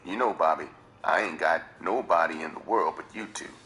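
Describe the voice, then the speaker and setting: A heartbroken, trembling stepfather pleads in a low, rapid, pitiful rush, read by a man. The voice sits deep with a bright, tense edge. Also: a little hiss or hum. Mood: pleading.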